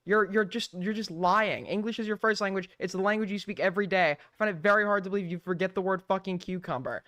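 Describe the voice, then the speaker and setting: A man's voice: sits high, quick pace, pushed and bright, no room sound, clean studio sound. A man ranting through a live stream commentary, exasperated and full of swearing.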